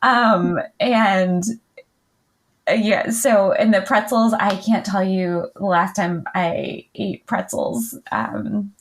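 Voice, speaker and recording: A woman's voice: mid-range voice, steady tone, slow pace, slight background noise. A middle-aged woman talking casually as an interview guest, chatty with many fillers and frequent light laughs. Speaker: podcast guest, client.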